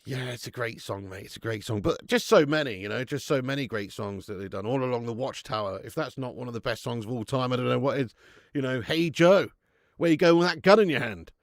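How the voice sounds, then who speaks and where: A man's voice: medium pitch, fairly quick, no room sound, studio quality. A man hosting a live football watch-along, swearing and laughing as he bants with viewers in the chat.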